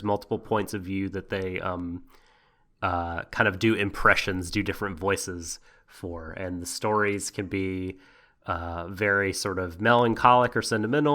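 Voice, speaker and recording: A man co-hosting an anime review podcast, explaining things in a measured way with frequent hesitations. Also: lowish voice, a bit bright. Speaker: podcast co-host. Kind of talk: casual anime review chat.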